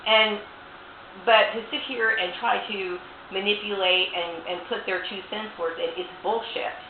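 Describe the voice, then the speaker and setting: A woman delivers an angry personal rant, profane and indignant, tossing in "you know" again and again. Her voice has a gravelly, fried edge. The sound is tinny and phone-like, with room echo and faint hiss behind it. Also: mid-range voice, fairly even intonation, normal speed.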